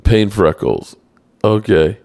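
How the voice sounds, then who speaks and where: A low, gravelly man hosts a casual live-stream sports show at an unhurried pace. He is playful and self-mocking as he answers the chat. His voice swings widely and jumps high when he is exasperated. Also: sing-song, darkish tone. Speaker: sports podcast host reading live chat.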